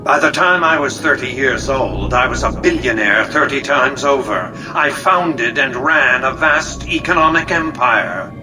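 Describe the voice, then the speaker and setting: A man voicing a cold, calculating, centuries-old male tycoon in video game dialogue, clipped and imperious. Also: fairly high pitch. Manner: clipped, imperious, coldly menacing. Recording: distant game clip with music behind.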